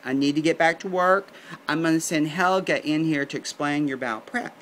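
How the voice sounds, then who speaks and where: A man voicing a blunt, matter-of-fact male doctor in a comic story, talking in a flat, clinical way. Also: a little high, fairly quick, a little hiss or hum, close to an everyday voice. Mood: deadpan.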